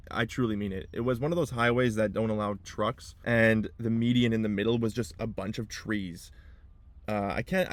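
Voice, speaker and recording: A man's voice: mid-range voice, no room sound. A young man talking to camera from inside his car in a rambling personal vlog, repeating himself and holding back tears. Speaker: vlogger.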